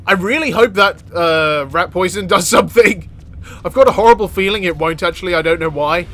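High-voiced and brisk, this man is a gaming YouTuber doing excitable let's-play commentary, yelping, cackling, and chattering away at the game.

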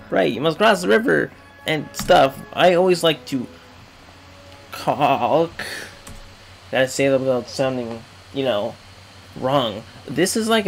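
A young man giving casual, rambling commentary over a retro game, swinging from mumbling asides to loud excited outbursts. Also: mid-range voice, gravelly. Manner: rambling, excitable, yelps and laughs when the game goes wrong. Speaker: gaming video creator.

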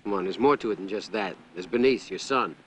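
An actor playing a concerned male lawyer in a 1970s crime film, quiet and earnest. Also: fairly low pitch, a little fast, slight background noise, lightly acted, low-quality recording.

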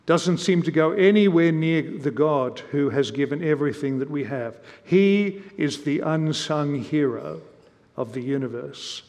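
A man preaching a sermon in a church, earnest and measured, often turning statements into rhetorical questions. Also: fairly high pitch, darkish tone, big-room sound. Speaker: visiting preacher.

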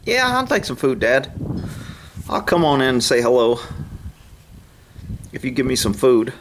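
A man's voice: medium pitch, big pitch swings, measured pace, a bit bright, slight background noise. A man voicing an eager young male horse who wants food. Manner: eager, pleading.

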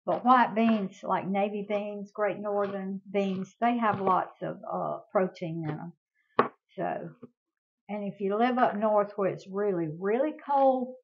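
A woman's voice: mid-range voice, slow pace, lo-fi sound. An older woman, hosting a casual home cooking demonstration in a chatty, homey way and talking to her viewers as y'all. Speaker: cooking show host.

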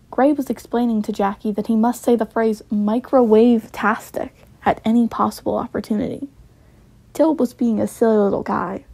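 A woman's voice: on the high side, gravelly, mellow, slightly rough, dry recording. A woman casually reading her own story aloud, with giggly, chatty asides and slang.

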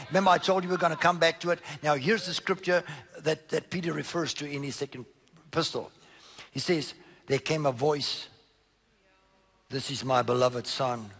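A man preaching a sermon, reading scripture aloud and commenting on it with emphatic swings between loud declarations and low murmurs. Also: gravelly.

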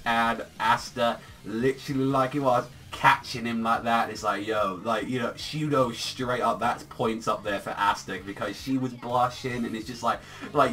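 A man's voice: mid-range voice, normal speed, bright, forceful tone, distant mic. A man giving a casual, rambling manga chapter review, full of filler words and swearing.

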